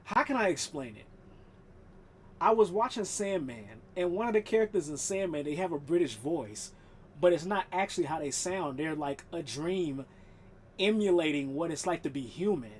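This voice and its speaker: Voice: mid-range voice, expressive, moderate pace, slight background noise. A live streamer chatting casually while gaming, rambling and swearing, laughing often.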